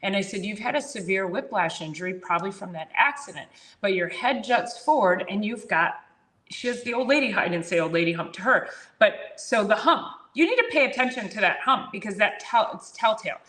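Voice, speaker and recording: A woman in a casual health chat, telling a story about a patient with lively swings in her voice and acting out each side of the dialogue. The sound is roomy, with clear echo around her voice. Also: mid-range voice, fairly quick. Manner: animated, acts out both sides of a conversation. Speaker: chiropractor and podcast host.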